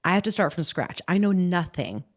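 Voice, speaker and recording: A woman's voice: lowish voice, big pitch swings, fairly quick. A woman from California in her thirties, a motivational speaker chatting in an upbeat, encouraging way as a podcast guest. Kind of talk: podcast interview.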